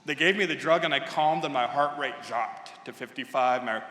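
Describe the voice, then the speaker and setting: A man's voice: mid-range voice, normal speed, sharp tone. Wry man speaking in an echoey hall. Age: 50s. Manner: wry comic storyteller. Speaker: commencement speaker. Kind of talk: humorous commencement speech. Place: large ceremony hall. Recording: echoey hall with long reverb.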